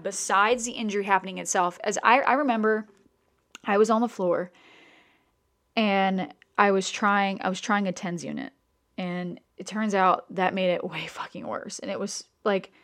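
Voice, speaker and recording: A woman's voice: medium pitch, fairly bright tone. Candid young woman telling her story. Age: young adult. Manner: candid and emotional, frequent swearing and restarts. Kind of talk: personal storytelling to listeners.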